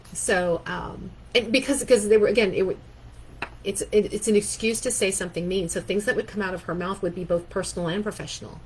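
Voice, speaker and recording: A woman's voice: medium pitch, slight background noise, poor audio. A woman in her fifties, a workplace coach, talking conversationally and often checking in with "right?". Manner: conversational, keeps asking "right?". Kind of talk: talking-head coaching talk.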